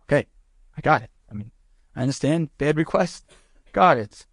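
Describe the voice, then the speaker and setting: A man voicing a humble male rabbi chaplain who speaks quietly and plainly. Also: fairly high pitch, expressive, normal speed, no room sound, studio quality, voice pushed down. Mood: subdued.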